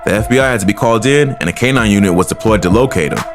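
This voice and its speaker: A man's voice: fairly low pitch, rapid-fire, over music. A man reading a scripted documentary narration in a matter-of-fact way.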